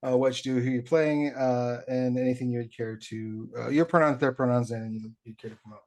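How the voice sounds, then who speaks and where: A man's voice: medium pitch, fairly even intonation, fairly quick, darkish tone. Laughing male game master. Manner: laughs often, hesitant fillers. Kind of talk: running a tabletop game.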